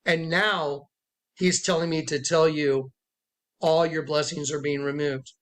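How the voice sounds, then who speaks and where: A man who calls himself a prophet tells an emotional story to followers seated with him indoors, speaking emphatically and acting out the voices he quotes. His voice is fairly high and fairly bright, with a steady tone and a measured pace.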